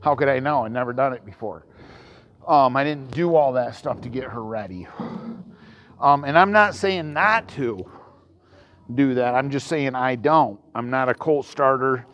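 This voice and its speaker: A man in a relaxed outdoor vlog, talking through his horse work in a halting, rambling way, full of ums and false starts. His pitch sits in an ordinary middle range, and his voice rises and gets louder when he calls out to the animal. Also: dull audio. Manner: rambling, hesitant, many restarts and ums. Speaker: horse trainer. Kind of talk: casual vlog talking while working a horse.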